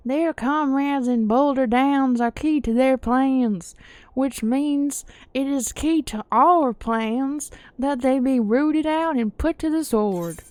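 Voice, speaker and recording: A woman's voice: sits high, slow pace, no echo, pitched above the performer's own voice. A woman reading as a stern noble knight commander. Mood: grave. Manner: formal, slightly slurred reading of game dialogue. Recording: soft music behind.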